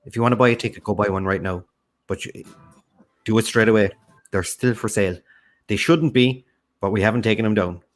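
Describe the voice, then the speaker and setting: A man with a Cork Irish accent hosting a livestreamed pub quiz, chatting casually and reading out viewer comments with quick jokes. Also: on the low side. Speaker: quiz host.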